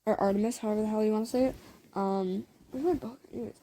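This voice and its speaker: A young woman narrating a fan-made story in a casual, rambling way, full of fillers and asides and quick giggles. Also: medium pitch, fairly even intonation, mellow, a little hiss or hum. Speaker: fan audio story creator.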